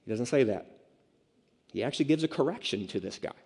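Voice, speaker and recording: A man's voice: medium pitch, animated, fast talker, a little mellow, slightly rough. A man preaching a sermon in a conversational way, with self-mocking asides and acted-out quotes. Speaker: pastor. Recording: long reverb of a large hall.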